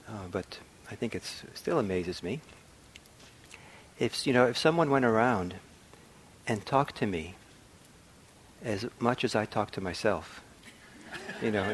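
Middle-aged male meditation teacher, low voice, reflective and unhurried, faint room hum behind him. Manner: soft-spoken, reflective, with frequent ums and restarts. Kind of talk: dharma talk. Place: meditation hall.

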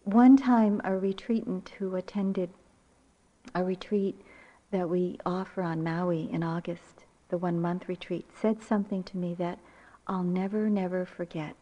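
Slow-spoken older woman teaching meditation. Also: on the low side, steady tone, dark tone. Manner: reflective, unhurried storytelling. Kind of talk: dharma talk. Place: retreat center meditation hall. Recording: muffled lecture recording.

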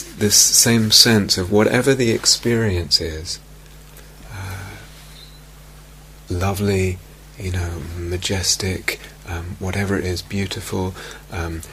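Male meditation teacher, deep voice with some fry, reflective dharma talk, faint hum on the recording. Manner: slow, reflective, repeats phrases softly. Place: retreat meditation hall.

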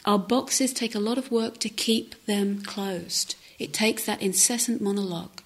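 A woman meditation teacher giving a gentle, reflective dharma talk at a retreat, often dropping to a soft near-whisper. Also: medium pitch, a little slow. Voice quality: breathy, often drops to a whisper. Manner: gentle, reflective, with hesitant restarts. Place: retreat center meditation hall.

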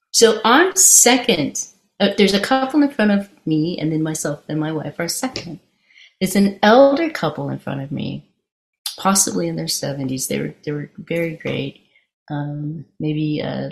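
A woman with a fairly low voice gives a dharma talk. She tells a personal story with lively energy, then moves into a calm, reflective teaching.

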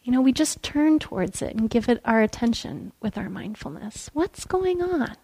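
A woman teacher shares a story during a meditation talk. Her voice sits somewhat high, and her manner is gentle and relaxed, with frequent soft laughter. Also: normal speed. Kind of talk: dharma talk.

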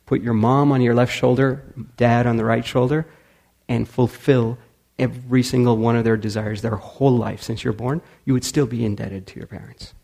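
A man giving a storytelling talk to a meditation community, lively and quick to act out the people in his stories. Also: mid-range voice, creaky. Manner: animated storyteller who acts out dialogue and laughs often.

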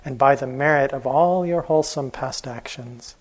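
A man voicing a gentle, devoted young elephant keeper who speaks softly and earnestly, with a husky voice. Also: medium pitch, moderate pace, close to an everyday voice. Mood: tender. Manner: soft, tender and earnest.

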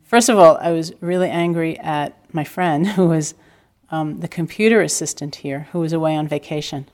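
An older woman teaching meditation in a calm, reflective dharma talk, telling stories with gentle self-deprecating humor. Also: low-pitched, moderate pace. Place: retreat center hall.

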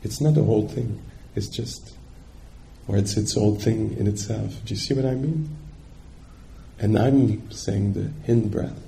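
Guy teaching meditation, low gravelly voice, kinda hesitant, keeps asking "yeah?". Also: measured pace, warm tone, a little hiss or hum. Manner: searching, hesitant, checks in with listeners. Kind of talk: dharma talk.

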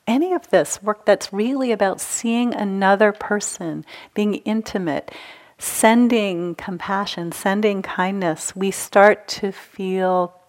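A woman giving a gentle, engaging dharma talk to a live retreat audience as a meditation teacher. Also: medium pitch. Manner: gentle, engaging, asks the audience to raise hands.

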